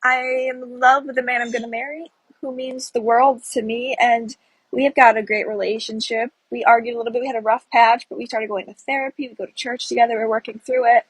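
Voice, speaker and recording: A young woman with a high, husky voice tells of her broken engagement straight to her phone camera. Her telling is tearful and breathless, and the sound is close and dry with no room to it. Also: level tone, a little fast, dry recording, poor audio. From Florida. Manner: tearful, breathless retelling of a breakup. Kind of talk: emotional storytelling to camera.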